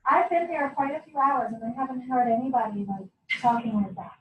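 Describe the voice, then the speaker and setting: A woman's voice: on the high side, brisk, background noise. A middle-aged woman and homeschooling parent, talking candidly to a group in a chatty way and laughing often. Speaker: homeschooling parent sharing her story. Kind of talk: casual talk to a group. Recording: echoey room, mic at a distance.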